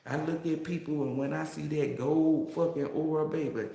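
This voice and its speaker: A man's voice: fairly high pitch, fairly even intonation, normal speed, gravelly, mellow. Brash, profane man in an echoey room. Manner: brash, profane, laughing often. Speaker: tarot reader. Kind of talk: casual livestream rant. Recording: roomy echo.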